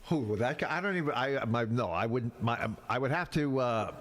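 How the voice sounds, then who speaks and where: A man's voice: brisk, a little hiss or hum. A man from Brooklyn, telling radio stories in a casual podcast chat and acting out the people he quotes. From Brooklyn, New York. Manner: animated, acts out quoted people with big pitch jumps. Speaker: radio veteran on a podcast panel.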